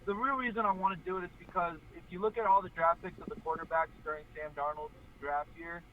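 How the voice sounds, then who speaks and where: A man from Florida calling in to a sports talk show, eager and earnest, thinking out loud with plenty of fillers. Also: sits high, fairly even intonation, fast, muffled recording. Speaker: caller.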